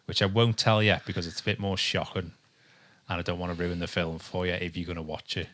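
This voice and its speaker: His low, fairly bright voice is delivered flatly and fairly quickly. The English man co-hosts a casual podcast at home near a dog, working through his thoughts in a rambling way with ums and restarts.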